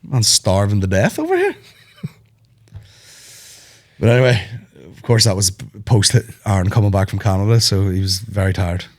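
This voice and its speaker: A man's voice: lowish voice, moderate pace, long pauses. A man with a cold, a comedian hosting a podcast in casual chat, telling stories with lots of swearing and laughter. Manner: sweary, animated storytelling, laughs often. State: sick with a cold.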